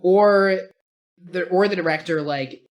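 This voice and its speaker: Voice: mid-range voice, measured pace. A podcast co-host in casual film review chat, rambling and opinionated, swearing casually.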